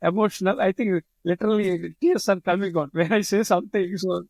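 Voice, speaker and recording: Indian english man, gravelly texture, dry close sound, halting, repeats his mottos. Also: high-pitched, a little mellow, dry recording, rough recording. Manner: repeats his slogans, halting with many fillers. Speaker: guest, leadership author. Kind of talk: spontaneous interview answers.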